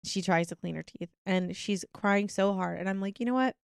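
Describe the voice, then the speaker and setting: An animated woman in her thirties tells a story on a casual podcast, swearing freely and laughing as she goes. Her voice is mid-pitched and recorded close and dry. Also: moderate pace, gravelly, clean tone, no room sound. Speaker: podcast co-host. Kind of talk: casual chat.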